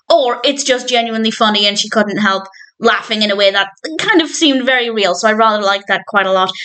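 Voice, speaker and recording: A woman's voice: medium pitch, a bit bright. A woman talking through a TV episode as a reviewer, in an enthusiastic, chatty way and often laughing. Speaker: film and TV reviewer. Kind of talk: casual spoken episode review.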